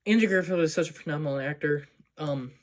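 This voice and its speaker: A man's voice: fairly high pitch, quick pace, slight background noise. A man casually recapping a movie plot as a reviewer, rambling with lots of "um" and "like". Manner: rambling, many fillers like "um" and "like".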